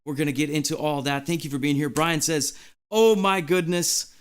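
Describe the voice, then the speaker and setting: A man hosting a live stream, giddy and out of breath, reading chat messages aloud in an excited chat. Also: on the high side, moderate pace, clear, resonant tone.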